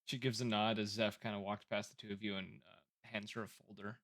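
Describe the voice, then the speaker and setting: A man's voice: lowish voice, flat delivery, fairly quick, a bit bright. A man narrating as game master in a live tabletop game, describing scenes loosely with many ums and kindas.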